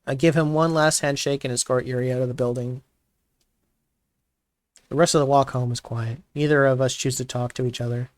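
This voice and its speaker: A male host giving a comedic dramatic reading of fan fiction, mostly deadpan with loud, exasperated outbursts. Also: mid-range voice, brisk, no echo.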